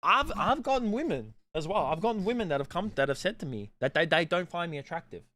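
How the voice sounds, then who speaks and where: A man's voice: big pitch swings, fast talker, pushed and bright. A young man chatting casually on a stream, blunt and crude, swearing freely as he rambles. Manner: rambling, with restarts and pitch swings. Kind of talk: casual chat.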